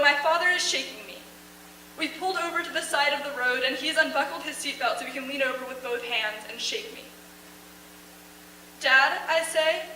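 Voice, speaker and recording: A woman's voice: high voice, pushed and bright, recorded from a distance. A young woman student earnestly reading her own emotional first-person story aloud on a theater stage. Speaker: student reader at a showcase. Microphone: far camera in audience. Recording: echoey theater taped from afar, faint hum.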